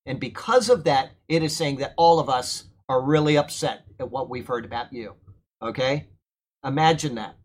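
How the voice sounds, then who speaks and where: A man's voice: mid-range voice, normal speed. A man teaching a Bible class in sermon style, conversational and often checking in with his listeners. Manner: conversational, often asks "okay?"; swells to emphatic, indignant passages. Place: church room during a thunderstorm.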